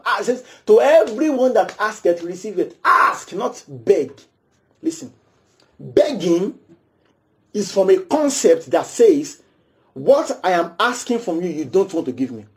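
A man preaching a sermon, animated and acting out little scenes as he makes his point. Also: high-pitched. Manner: animated, acts out small scenes, repeats phrases.

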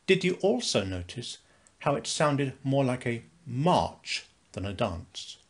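A man with a British accent narrating a scripted music lesson, clearly counting beats aloud and stressing the first. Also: medium pitch, big pitch swings, slow pace. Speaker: music teacher.

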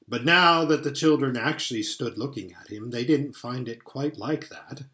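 A man reading a children's storybook aloud in an expressive way, now and then stumbling and restarting a phrase. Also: mid-range voice, normal speed. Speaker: audiobook reader.

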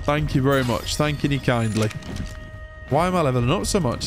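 An excitable young man talks through his video game playthrough, yelping and joking as things happen on screen. His pitch sits in a middle range, and steady game music plays behind him. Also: fairly quick. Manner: excitable, chatty, exclamatory. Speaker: gaming YouTuber. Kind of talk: let's play commentary.

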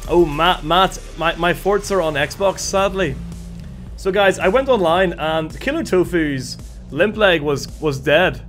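A man commentating a live game stream with excitable energy and a slightly strained voice, thanking viewers as he goes. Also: fairly high pitch, slow, long pauses, faint music behind.

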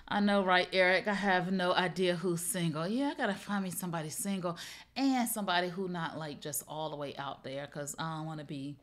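Fairly quick and with fairly even intonation, a middle-aged woman hosting a live shopping show pitches bargains in a playful, chatty style, addressing viewers directly.

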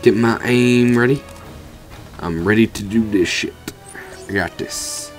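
Low-voiced man swearing through gameplay. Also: a little slow, soft background music. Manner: rambling, swears casually at the game. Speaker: gamer commentator. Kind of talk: let's play commentary over gameplay.

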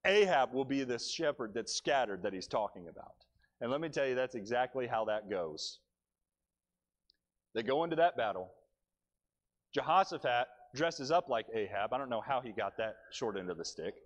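A male preacher delivering a sermon in church, telling the story with animated, dry humor. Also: medium pitch, moderate pace.

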